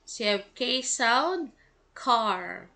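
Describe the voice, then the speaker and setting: A woman, an English teacher slowly reading quiz items and giving the answers, pronouncing each word with care. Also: fairly high pitch, animated, gravelly, bright, forceful tone. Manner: slow, deliberate, enunciates each word.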